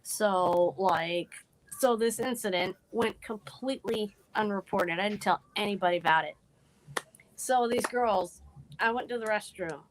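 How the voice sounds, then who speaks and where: Woman podcast guest, earnest halting storyteller, middle pitch. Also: noisy background. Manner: halting, earnest, restarts often. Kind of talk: personal storytelling.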